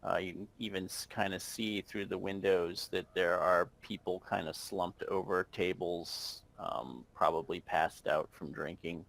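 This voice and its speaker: A man narrating as game master over an online voice call, halting and full of fillers. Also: low-pitched, steady tone, gravelly, fairly bright tone, rough recording.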